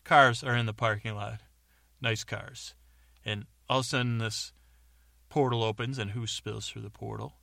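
A man's voice: medium pitch, fairly even intonation, moderate pace, creaky, pushed and bright, no echo, studio quality. A man hosting a podcast, telling an improvised comic story in a rambling way that keeps wandering off on tangents.

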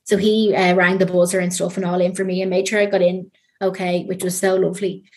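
A woman's voice: fairly low pitch, flat delivery, fast talker, darkish tone. An Irish woman telling a personal story as an interview guest, chatty and full of ums and likes. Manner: chatty, many ums and likes, trailing fillers.

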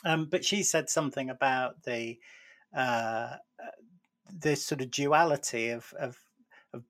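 A man's voice: mid-range voice, unhurried, fairly bright tone. Hesitant man hosting a chat. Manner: hesitant, many fillers and restarts. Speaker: podcast host. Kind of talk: casual conversation.

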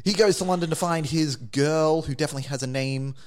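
A man's voice: on the high side, quick pace. A man co-hosting a podcast, retelling a story in a rambling, jokey way with lots of fillers. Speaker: podcast co-host. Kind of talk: casual chat.

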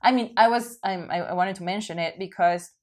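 A woman's voice: medium pitch, a little fast, darkish tone. A woman hosting a casual podcast chat, thinking aloud hesitantly with many fillers and restarts.

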